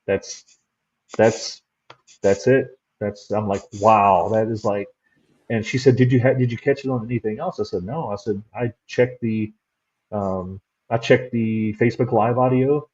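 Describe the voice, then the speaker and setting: A male guest who investigates the paranormal tells loose, rambling stories in a relaxed chat. His voice is mellow and a little husky. It comes through in slightly dull, lo-fi sound. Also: mid-range voice, moderate pace. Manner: rambling storyteller. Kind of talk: casual interview chat.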